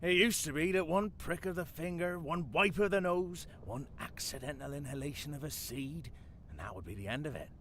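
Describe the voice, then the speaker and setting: An actor voicing a dead older English gardener with a West Country accent, dry and darkly playful, in a video game. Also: male voice, a little high, fairly quick, a bit bright, slight background noise, close to an everyday voice. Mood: sly. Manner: wry, theatrical, darkly playful.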